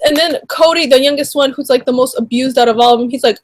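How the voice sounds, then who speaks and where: A woman's voice: sits high, steady tone, fairly quick, no echo. A woman YouTuber giving casual commentary, indignant and rambling, with many fillers. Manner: indignant, rambling, heavy on "like" and "you know".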